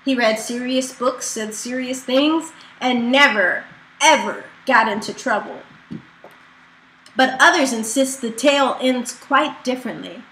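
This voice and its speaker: Brief: expressive female storybook reader, bright voice, echoey home recording. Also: on the high side, a little slow. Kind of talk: reading a children's book aloud. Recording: echoey room with faint noise.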